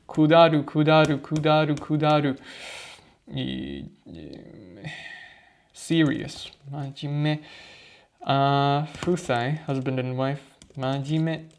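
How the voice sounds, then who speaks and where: Man, mid pitch, very slow, gravelly, muttering study-session vlogger. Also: darkish tone. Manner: slow, muttering to himself, thinking aloud. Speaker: language learner reviewing flashcards. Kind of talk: casual study session vlog.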